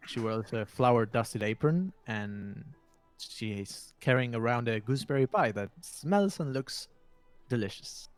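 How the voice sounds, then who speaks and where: A man's voice: mid-range voice, expressive, measured pace, clean tone, faint music behind. A man acting as game master, narrating a tabletop game in a loose, rambling way.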